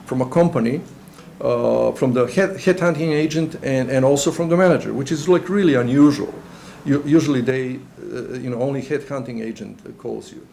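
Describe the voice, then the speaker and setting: A middle-aged Serbian man gives a personal testimony during an interview, halting and earnest, restarting often. His mid-range voice is dark with vocal fry, and there's a little hiss or hum in the recording.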